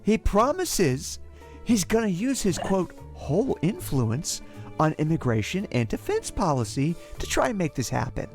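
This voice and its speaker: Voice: mid-range voice, big pitch swings, normal speed, darkish tone, soft background music. A podcast co-host in casual chat, dry and sarcastic.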